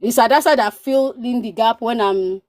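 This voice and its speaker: Slightly high and a little mellow, this woman from Nigeria speaks at a normal speed in a dry recording. As a guest on a live stream, she chats casually, recounting stories with animation and repeating phrases to stress them.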